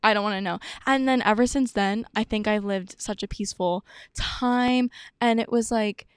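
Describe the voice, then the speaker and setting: A woman's voice: a little high, steady tone, a little slow, clear, resonant tone, dry recording, studio quality. Chatty young woman podcast host. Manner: chatty, peppered with "like" and "um"; acts out her own past thoughts in quoted asides. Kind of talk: casual chat.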